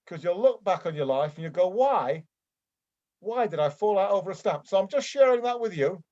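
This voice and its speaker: A man playing a fussy stamp-club member in an improvised comedy scene, rambling and chiding, with excitable outbursts. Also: sits high, normal speed, muffled recording. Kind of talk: improvised comedy scene over video call.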